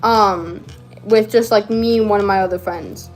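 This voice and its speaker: A woman's voice: mid-range voice, steady tone, moderate pace, faint music behind. A teenage girl telling a rambling, slangy story while crafting, with lots of fillers and laughs. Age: teens. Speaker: vlogger.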